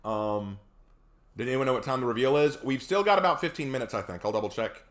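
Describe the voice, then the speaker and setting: A man's voice: mid-range voice, animated, fast. A young man casually chatting with his live-stream audience, joking around and answering chat. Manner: chatty, jokey, reads chat aloud.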